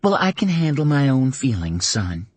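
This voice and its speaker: A male narrator voicing a woman in her early thirties, a gentle but firm mother, speaking a bit higher than his own voice. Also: big pitch swings, moderate pace, no echo. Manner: gentle and earnest, turning firm.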